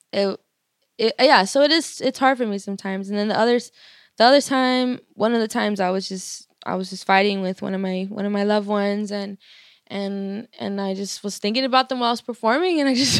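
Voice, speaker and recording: A young woman with a gravelly, fry-edged voice talks openly about her life as a touring musician. Her delivery is loose and frank, peppered with swearing and quick laughs, and her voice sounds close and dry with no room echo. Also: mid-range voice, fairly bright tone. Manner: casual and frank, swears often, laughs between thoughts. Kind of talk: candid interview talk.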